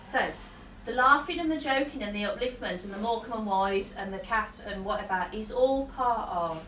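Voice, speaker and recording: A psychic medium speaks at normal speed in a medium-pitched, slightly bright voice while giving a chatty reading before a live audience. Laughter and apologetic interruptions come often. She is heard from afar in a roomy hall with faint noise.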